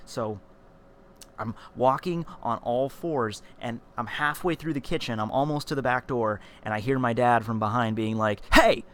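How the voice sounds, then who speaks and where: A man at a middle pitch tells a story straight to his vlog camera. His talk is animated and rambling, full of fillers, repeats and restarts. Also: moderate pace, slight background noise. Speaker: vlogger.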